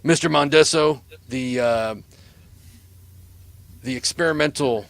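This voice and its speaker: A man voicing a gruff, cigar-smoking military commander who speaks in short, profane orders. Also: mid-range voice, slow, dry recording. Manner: curt and profane.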